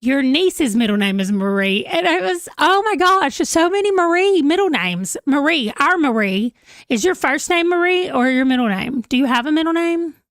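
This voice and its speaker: A woman's voice: extremely high pitch, animated, moderate pace, fairly bright tone, no room sound, studio quality. A woman, chatting casually on a livestream at home, giggling as she reacts to viewer comments. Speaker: livestream host. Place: home room, holding a pet.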